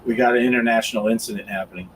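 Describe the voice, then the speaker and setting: A man's voice: fairly low pitch, fairly even intonation, racing, a little hiss or hum, low-quality recording. A man hosting a gaming podcast in casual chat, laid-back and teasing while he reads the chat. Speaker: podcast host reading chat.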